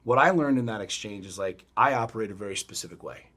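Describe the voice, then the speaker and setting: A middle-aged man co-hosting a podcast, telling a story in a blunt, profane, animated way. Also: on the low side, fast. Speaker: podcast co-host. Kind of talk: casual chat.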